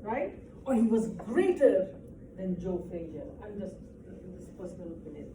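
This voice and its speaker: A woman's voice: mid-range voice, big pitch swings, moderate pace. A woman teaching an English grammar lesson to a class, explaining patiently and often checking with "right?". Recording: echoey room, distant mic, faint noise.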